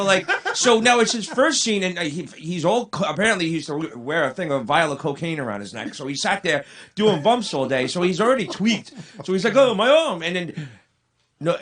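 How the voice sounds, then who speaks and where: A man telling an animated anecdote, acting out the quotes and chuckling as he goes. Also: high-pitched.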